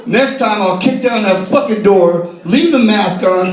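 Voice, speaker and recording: Profane high-voiced male stand-up comic. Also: measured pace, faint music behind. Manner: profane, animated, shouting punchlines. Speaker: stand-up comedian. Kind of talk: live stand-up routine. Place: bar stage with live audience. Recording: echoey bar, distant mic, loud crowd laughter.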